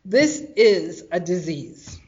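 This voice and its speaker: Woman guest, personal story, animated, quotes others in character, dull lo-fi sound. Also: lowish voice, slow pace. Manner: animated, acts out quoted voices.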